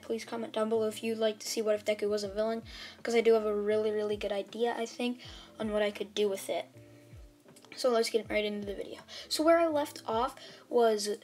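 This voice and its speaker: A woman's voice: a little high, a little mellow. A woman casually retelling a fan-made story for her channel, rambling with many fillers and restarts. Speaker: channel host.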